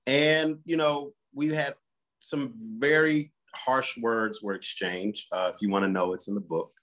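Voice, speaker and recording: A man's voice: medium pitch, level tone, measured pace, a bit bright. A man, a pastor and interview guest, telling a personal story candidly and earnestly, acting out the quotes.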